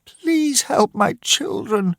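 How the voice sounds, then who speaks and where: A man's voice: very high-pitched, slow pace, gravelly, a bit bright, no room sound, clean studio sound, voice pushed up, heavily acted. A man voicing a desperate mother who pleads and screams for help for her children in a storybook reading. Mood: pleading. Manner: pleading, screaming, sobbing prayer. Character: desperate woman, a frantic mother.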